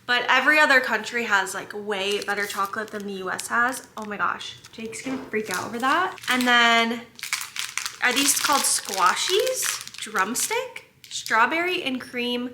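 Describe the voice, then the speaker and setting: An American woman chatting casually in a home vlog, gushing and excitable, with lots of "like". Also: on the high side, measured pace, noisy background. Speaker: vlogger.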